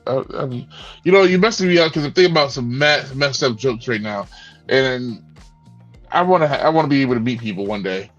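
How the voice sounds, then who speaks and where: A man's voice: mid-range voice, lively intonation, fairly quick, fairly bright tone, muffled recording, soft background music. A man co-hosting a casual wrestling podcast, laid-back and joking, dropping short agreeing interjections. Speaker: podcast co-host.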